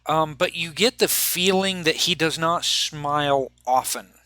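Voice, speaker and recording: Bright-voiced man running a tabletop game. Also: a little high, measured pace, no room sound. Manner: chatty narration with many restarts. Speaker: game master.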